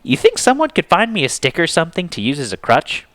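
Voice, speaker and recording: A dazed, injured young woman, as a man puts her on croaks out her words, soft and a little lower than his usual voice. She sounds drowsy and subdued. The sound is close and dry. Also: wildly swooping pitch, fast talker, dry recording. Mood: groggy. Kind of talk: dramatic reading with character voices.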